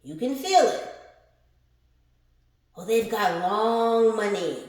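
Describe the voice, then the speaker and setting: A woman giving a casual spiritual tarot reading, animated and laughing, who swears freely and calls her viewers the collective. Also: medium pitch, slow pace. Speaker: tarot reader. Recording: very echoey room.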